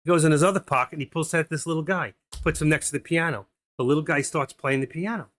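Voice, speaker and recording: A man's voice: on the high side, fast, a bit bright. A middle-aged man hosting a live stream, chatting casually and telling jokes in a rambling way, laughing at his own punchlines.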